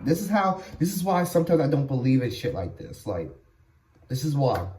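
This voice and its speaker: A man's voice: medium pitch, big pitch swings, moderate pace, warm tone, slight background noise. A man reacting casually to a clip, incredulous and slangy. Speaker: reaction streamer.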